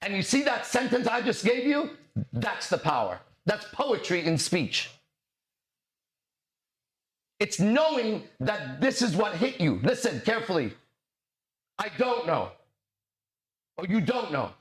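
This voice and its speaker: A man hosting a podcast as a mindset coach, delivering a swaggering, profane, preachy monologue with dramatic pauses. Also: high-pitched, big pitch swings.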